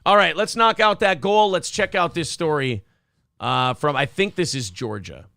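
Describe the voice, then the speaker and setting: An American man hosting a morning talk show, riffing in a sarcastic, ranting way. His voice is bright and animated, recorded dry and close in the studio. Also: a little high, moderate pace, creaky, no room sound. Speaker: radio show host. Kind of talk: casual comedic talk show banter.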